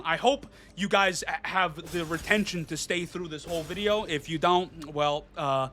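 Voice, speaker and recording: A man with a high, bright voice rants about games. He swears freely and sounds openly exasperated, with faint music playing underneath. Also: moderate pace. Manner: profane, exasperated ranting. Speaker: game reviewer. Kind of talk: ranting game commentary.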